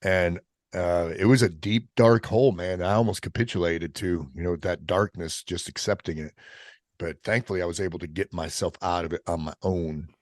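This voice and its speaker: A middle-aged man, a military veteran guest on a podcast, telling a personal story in a casual, profane way, halting and restarting as he goes. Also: sits low, steady tone, no echo, clean studio sound. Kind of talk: candid storytelling in an interview.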